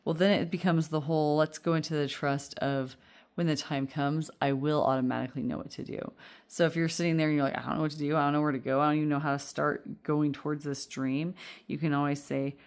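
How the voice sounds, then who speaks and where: A woman's voice: low-pitched, steady tone, fast, a little mellow, clean tone. A woman giving a casual, reassuring tarot reading, chatty and rambling with fillers. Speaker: tarot reader.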